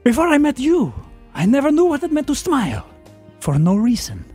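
A man on a morning radio show doing exaggerated comic impressions of foreign accents, loud and hammy. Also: very high-pitched, sing-song, slow pace, faint music behind, full character voice. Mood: sultry. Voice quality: loud, over-the-top put-on accents.

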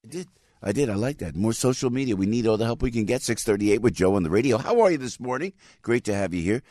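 A man's voice: medium pitch, expressive, quick pace, mellow, no echo, clean studio sound. A man hosting a morning talk radio show, chatty and full of restarts as he reads live ads.

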